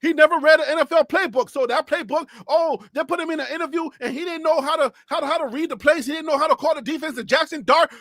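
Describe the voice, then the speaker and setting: Fired-up high-pitched man ranting live. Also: fast talker, hardly any pauses, no echo, clean studio sound. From Liberia. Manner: animated, mocking, swings from low asides to shouting. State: losing his voice. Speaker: sports commentator. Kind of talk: live-stream sports rant.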